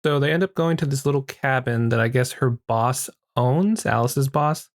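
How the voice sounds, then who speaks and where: A man casually recapping a horror film as a podcast host, joking and crude, tossing in quick put-on voices. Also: mid-range voice, no echo, studio quality. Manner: crude, joking retelling with acted quotes.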